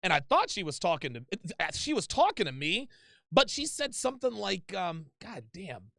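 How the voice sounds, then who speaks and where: A man's voice: sits high, big pitch swings, moderate pace, gravelly, pushed and bright, no echo, clean studio sound. A man hosting a call-in advice show, talking bluntly and emphatically with plenty of swearing. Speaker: host taking calls.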